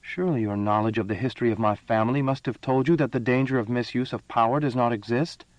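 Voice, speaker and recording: A man voicing a proud, impatient young empress in an audiobook reading, speaking higher and more commandingly than his own voice. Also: fairly even intonation, fast, dry recording, natural voice. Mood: imperious. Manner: raised pitch, commanding and cutting.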